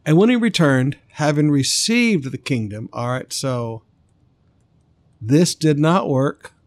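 Brief: male preacher, slightly high voice, punches and stretches key words. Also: lively intonation, takes it slowly. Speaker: pastor. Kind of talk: sermon.

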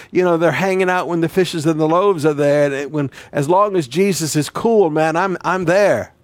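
A male pastor preaching a sermon, repeating words and swinging between loud declaring and quiet, pressing emphasis. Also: a little high, no room sound.

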